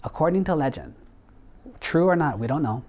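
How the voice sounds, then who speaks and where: A man's voice: on the high side, big pitch swings, moderate pace, a little mellow. Casual storytelling monk, man. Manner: casual, conversational storytelling with acted quotes. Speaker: Buddhist monk. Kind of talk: storytelling sermon.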